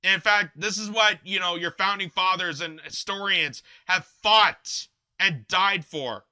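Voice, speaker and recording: Angry young man ranting, bright and high. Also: measured pace. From Canada. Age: 20s. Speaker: host. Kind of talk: political commentary rant. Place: home basement.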